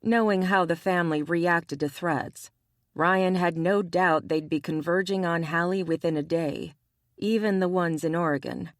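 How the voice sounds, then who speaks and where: Woman reading a romance audiobook, low voice, slow and steady, dry studio sound. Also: no room sound. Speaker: audiobook narrator. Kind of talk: scripted romance narration.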